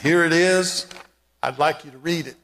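A man's voice: a little high, moderate pace, a little hiss or hum. Emphatic preacher man in a reverberant hall. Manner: emphatic call-and-response preaching, rising to shouts. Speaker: pastor. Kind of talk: sermon.

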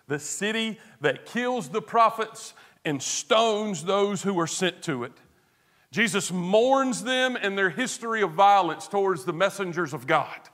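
A man delivers a sermon in a fairly high voice for a man. He is earnest, dropping to hushed tones and rising to emphatic stress. He leans on rhetorical questions and repeats words to drive a point home. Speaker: pastor.

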